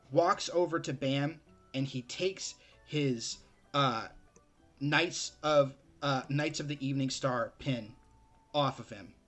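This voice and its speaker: A man narrating as game master in a tabletop game, slow and hesitant with many fillers. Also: a little high, bright, forceful tone.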